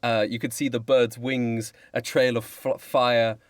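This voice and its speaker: A man's voice: medium pitch, little pitch movement, unhurried, no echo, studio quality. A man running a tabletop game as dungeon master, narrating playfully and laughing often.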